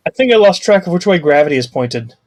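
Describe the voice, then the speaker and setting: A man's voice: on the high side, animated, fast, a little mellow, dry recording. A man co-hosting a podcast, giving dry, chatty commentary on what he is watching. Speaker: podcast co-host. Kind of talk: casual watch-along commentary.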